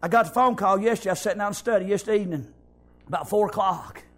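High-voiced fervent preacher man. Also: quick pace. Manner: fervent, calls out "Amen?" and "praise God". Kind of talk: fervent sermon.

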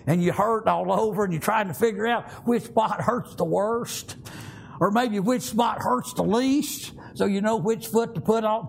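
A man's voice: high-pitched, gravelly, breathy edge. An older man preaching a fervent sermon, repeating praise God and amen in folksy phrasing.

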